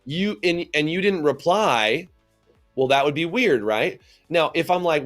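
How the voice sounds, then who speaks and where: A man co-hosts a salon business show and gives casual, animated advice. He acts out little scenes as he talks. Soft music plays faintly behind him. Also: on the high side, moderate pace.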